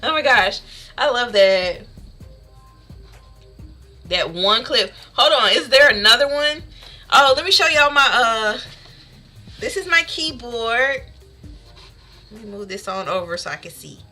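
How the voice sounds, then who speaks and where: A woman's voice: a little high, lively intonation, unhurried, pauses often, sharp tone, faint music behind. A woman streamer chatting casually with her live audience, bubbly and chatty, laughing often.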